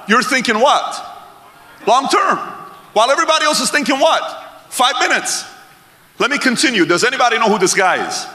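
A man's voice: fairly high pitch, pushed and bright. A man giving a motivational stage talk, punchy and constantly firing questions at his audience. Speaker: seminar speaker. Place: stage in a large hall with an audience. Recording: long hall reverb.

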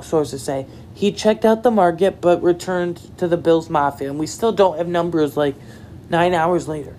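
A man's voice: fairly high pitch, darkish tone, a little hiss or hum. A man giving a casual, opinionated solo recap of sports news, reading posts aloud and reacting with rambling asides. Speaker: sports commentator.

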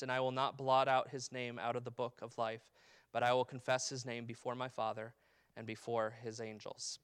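A man preaching a sermon as pastor, reading scripture in a slow falling cadence and explaining it with emphatic rises and a frequent "okay?". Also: mid-range voice, a bit bright, clean tone.

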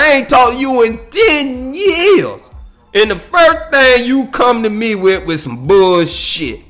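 A man telling a story in a profane, animated rant, peppered with "you know what I'm saying". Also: high voice.

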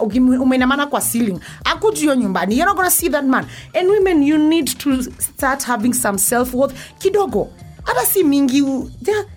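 Kenyan woman vlogger, high bright voice, blunt and foul-mouthed storytelling, faint music behind. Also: breathy edge. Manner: brash, profane, code-switching. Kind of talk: casual storytelling rant.

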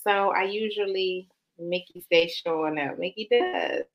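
A woman co-hosting a casual chat, loud and profane, laughing often. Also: fairly low pitch, a little slow. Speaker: podcast co-host.

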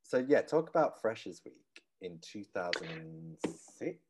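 A man's voice: deep voice, sing-song, measured pace, background noise. A man co-hosting a casual podcast chat, prompting with short questions and laughing often.

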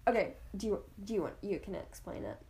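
A teenage girl co-hosting a podcast with a friend, excitable and giggly, often talking over her. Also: mid-range voice, fast, vocal fry. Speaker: podcast co-host. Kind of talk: casual chat.

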